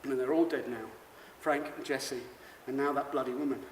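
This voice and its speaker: A man performing a rambling theatrical monologue on stage, swinging from manic to hushed. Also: mid-range voice, fairly even intonation, fairly quick, slight background noise. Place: stage in a large hall. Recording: echoey hall recording from far off.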